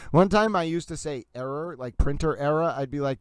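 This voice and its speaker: While working at his computer, a livestream host from New England chats in a playful, self-mocking way, his Boston accent clear. His mid-range voice is a little mellow with lively intonation, moving fast with few pauses, and the recording is dry.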